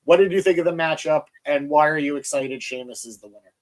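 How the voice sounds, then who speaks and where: Speaking quickly in a slightly high voice, this young podcast host runs through a casual wrestling recap. He's conversational and eager, passing the mic to his co-host.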